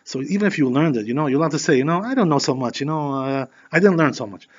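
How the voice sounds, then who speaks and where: A man giving a conversational Torah class as a rabbi, animated and filling his talk with "you know". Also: fairly high pitch, quick pace. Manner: peppers speech with "you know". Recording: dull lo-fi recording.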